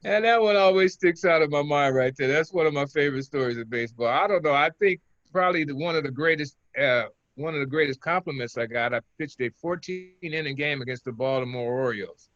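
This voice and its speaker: An older man from Oakland, a former pitcher, telling rambling stories as an interview guest. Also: fairly quick, hardly any pauses, no echo, muffled recording. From Oakland, California. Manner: relaxed, rambling, chuckles between stories. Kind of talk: casual interview storytelling.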